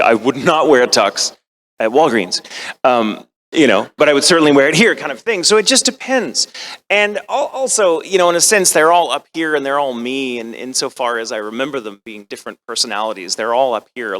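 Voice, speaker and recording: A man's voice: medium pitch, sharp tone. A middle-aged American man, a voice actor, chatting with fans on a convention panel in a rambling, self-deprecating way, with playful quoted asides. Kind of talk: casual panel talk to fans.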